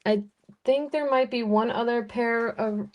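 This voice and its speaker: Calling bids and describing every piece, an American woman hosts a live-streamed jewelry auction in a leisurely, conversational manner. Her voice is fairly high in pitch.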